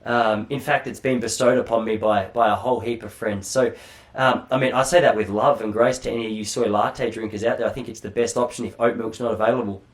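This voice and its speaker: A man's voice: fairly low pitch, steady tone, fairly quick. An Australian man hosting a podcast alone, chatting in a rambling, self-deprecating way with casual swearing. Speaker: podcast host. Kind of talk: solo casual monologue.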